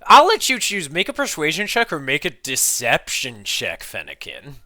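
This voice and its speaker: A man running a tabletop game as game master, narrating in a lively way with lots of fillers. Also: on the high side, normal speed, dry recording.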